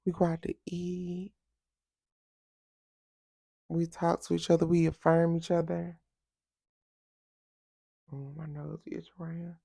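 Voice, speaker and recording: A woman talks straight to camera as a vlog host, sassy and blunt. Her voice sits low and mellow with a gravelly fry, and she takes her time. The sound is close and dry. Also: little pitch movement, unhurried, long pauses, dry recording. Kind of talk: casual chat to camera.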